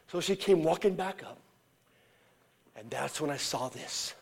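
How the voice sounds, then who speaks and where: A man preaching as a traveling evangelist, telling a story and acting out the voices in it, swinging from shouts to hushed whispers. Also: fairly high pitch, very animated, unhurried, vocal fry, long pauses, breathy edge. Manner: acts out quoted voices in storytelling. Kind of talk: sermon.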